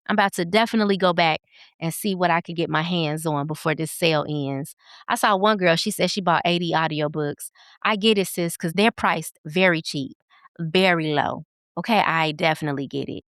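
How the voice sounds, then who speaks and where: A chatty woman hosts a casual solo talk show, talking straight to her listeners. Her voice is smooth and clear, recorded close and dry with no room sound. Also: medium pitch, dry recording. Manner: chatty, animated, addresses listeners directly. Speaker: podcast host.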